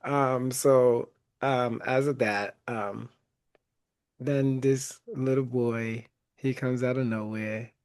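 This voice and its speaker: A man hosts a relaxed podcast chat and walks through a film's story with lively energy. He laughs often and slips into the characters' lines as he goes. His voice sits in an ordinary middle range for a man. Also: mid-range voice, slow pace, clear, resonant tone. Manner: animated, laughs often, acts out quotes. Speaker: podcast host. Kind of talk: casual chat retelling a movie.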